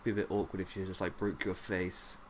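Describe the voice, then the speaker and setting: Brisk and flat, a low-pitched young man narrates his zombie gameplay with silly, wandering chatter full of "like," hopping between random topics. A slight hiss or hum sits under the recording.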